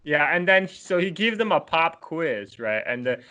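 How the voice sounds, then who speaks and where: A man hosts a podcast in relaxed conversation with his guest. His voice is bright and sits somewhat high for a man. He talks in a chatty way and laughs easily between phrases. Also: moderate pace, lo-fi sound. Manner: chatty, laughs often while talking. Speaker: podcast host. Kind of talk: casual conversation.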